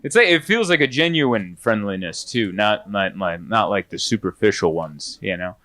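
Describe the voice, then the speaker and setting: A man in his thirties performing stand-up in a club, telling stories conversationally and acting out other people in quick put-on voices. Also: on the low side, expressive, bright, forceful tone. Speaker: stand-up comedian. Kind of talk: stand-up comedy set. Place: comedy club stage before a laughing audience.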